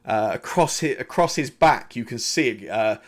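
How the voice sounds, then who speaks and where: A man's voice: mid-range voice, lively intonation, normal speed. A man narrating as game master of a tabletop game, rambling and restarting with many fillers.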